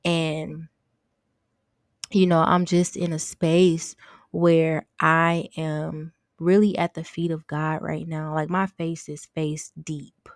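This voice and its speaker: A young woman hosts a casual faith podcast in a lowish voice, earnest and open as she confesses her thoughts. She circles back over her words as she talks. The sound is close and dry. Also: flat delivery, slow pace, dry recording. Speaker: podcast host.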